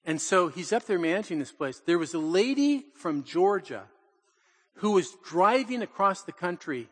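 Older male pastor, high-pitched and animated, storytelling sermon, long reverb in a church. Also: normal speed, breathy edge. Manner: animated, acts out quotes, laughs often. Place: church in Portland.

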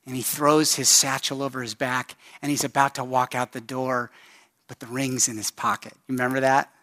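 A man's voice: mid-range voice, flat delivery, normal speed, pushed and bright. A male pastor preaching a sermon in an earnest, emphatic storytelling style with pleading appeals.

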